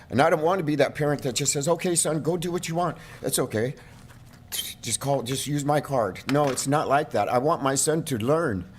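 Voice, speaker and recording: Middle aged guy pleading at a county meeting podium, voice cracking up loud at times, faint low rumble behind. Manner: impassioned, voice rising to near shouting at peaks. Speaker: public commenter at a county board meeting. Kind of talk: emotional public comment. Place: council chamber.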